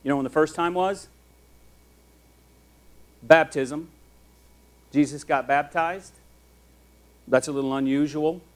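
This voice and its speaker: A man preaching a sermon as a pastor, telling the story in a conversational, animated way. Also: a little high, slow pace, pauses often.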